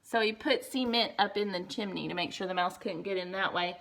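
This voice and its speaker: A woman's voice: mid-range voice, a little fast, creaky, a bit bright. A woman reading a picture book aloud to children, stopping often for chatty, amused asides about the pictures. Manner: chatty, amused asides between read lines. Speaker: reader.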